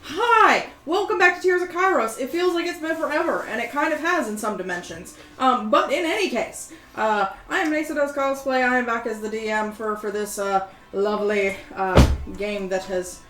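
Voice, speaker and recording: A woman's voice: on the high side, moderate pace, a bit bright, roomy sound. A woman running a tabletop game as game master on a stream, bubbly and giggly, with many fillers and restarts.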